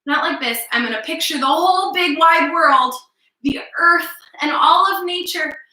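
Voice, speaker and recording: A woman with a high, very bright voice leads small children through circle time over a webcam. She speaks softly and playfully, slowing down for affirmations she wants them to repeat. The room sounds echoey. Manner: soft, encouraging and playful, with slow spoken affirmations. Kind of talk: gentle lesson for young children.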